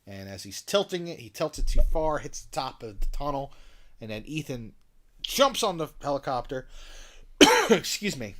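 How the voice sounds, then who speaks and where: A man co-hosting a podcast, retelling a movie scene in a loose, animated way and acting out the characters' lines. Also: mid-range voice, slow pace. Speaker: podcast co-host. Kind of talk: casual movie recap chat.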